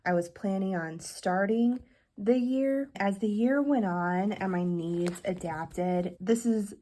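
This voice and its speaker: A woman's voice: mid-range voice, slow, mellow. Bubbly, chatty congested young woman. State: congested from illness. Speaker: planner vlogger. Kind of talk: casual talk to camera.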